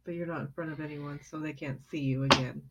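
A woman's voice: deep voice, steady tone, fast talker, background noise. A woman co-hosting a podcast, dryly teasing her co-host in casual banter. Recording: dull lo-fi home recording.

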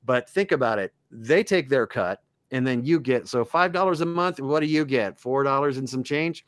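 A man, a voice actor, talking casually as a podcast guest, enthusiastic and dropping into quick character voices. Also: medium pitch, animated, no room sound. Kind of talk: casual chat.

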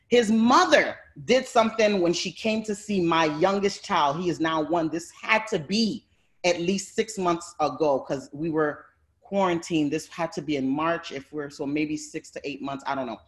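A woman's voice: lowish voice, moderate pace. A woman guest on a video call, telling family stories in a heated, fiery way and swearing often. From Haitian heritage. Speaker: panel guest. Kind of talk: heated personal testimony.

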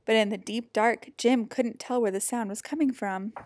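Expressive woman reading a picture book. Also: on the high side, moderate pace, very noisy. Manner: expressive, animated storytelling. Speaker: storybook reader.

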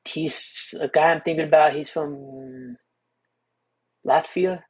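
A man's voice: fairly high pitch, sing-song, slow, vocal fry, husky. A young man hosting a solo podcast, rambling in a laid-back way with many restarts and fillers. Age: young adult. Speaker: podcast host. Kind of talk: casual solo podcast monologue.

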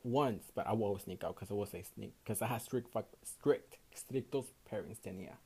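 Hosting a casual solo podcast, this young adult man from Houston, Texas, sounds worn out after a night shift. He speaks with a Mexican Spanish accent, swears freely, and moves between English and Spanish. His husky voice is on the low side with a darkish tone, and he talks briskly.

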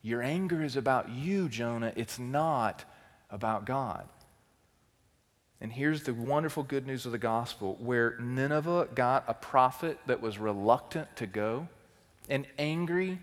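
A male teaching pastor delivering a sermon, swinging between loud emphatic bursts and quiet, intense stretches. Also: mid-range voice. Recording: long hall reverb.

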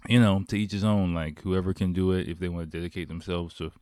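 A man with a low voice talks through his solo podcast in a loose, rambling way. He swears constantly and laughs at his own stories. The recording is dry, with no room sound. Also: little pitch movement, fast talker, darkish tone, no room sound. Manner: rambling, profane, laughs often. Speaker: podcast host. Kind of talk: casual solo podcast chat.

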